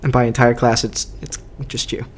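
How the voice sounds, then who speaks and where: A man's voice: mid-range voice, level tone, moderate pace, a little hiss or hum. Dry-humored man narrating a video game. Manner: dry, joking, rambling asides. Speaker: let's play host. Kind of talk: casual gameplay commentary.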